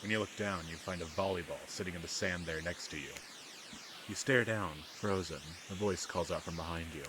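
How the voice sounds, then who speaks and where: A man's voice: low-pitched, a little fast, background noise. A man reading a dating game's text aloud and adding wry, self-deprecating comments. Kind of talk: let's play reading and commentary. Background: game music.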